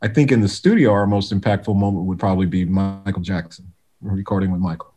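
A man, a guest music producer, telling stories in a relaxed interview, animated and full of restarts. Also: low-pitched, fast talker. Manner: animated storyteller, many restarts, acts out quotes.

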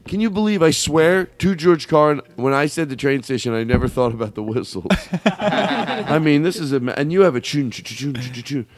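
A man's voice: on the high side, animated, normal speed, no echo. A man hosting a comedy podcast, riffing in loose, profane, jokey banter. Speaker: podcast host.

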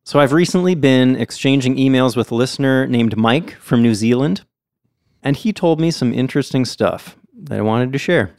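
A man's voice: medium pitch, moderate pace, darkish tone, dry recording, clean studio sound. A man hosting a podcast in casual chat, talking in a friendly, chatty way. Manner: friendly, chatty, hedging with fillers. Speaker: podcast host.

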